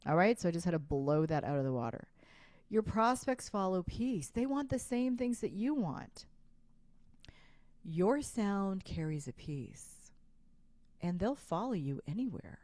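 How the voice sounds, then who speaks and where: A woman's voice: fairly low pitch, sing-song, unhurried, a little mellow, no echo. A woman hosting a live online sales coaching session, speaking emphatically, repeating slogans and asking viewers to respond in chat. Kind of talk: live-streamed coaching talk.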